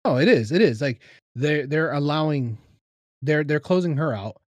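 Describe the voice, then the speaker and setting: A man's voice: on the high side, expressive, normal speed, no echo. A man from California in casual chat over a video call, repeating himself and restarting often as he agrees.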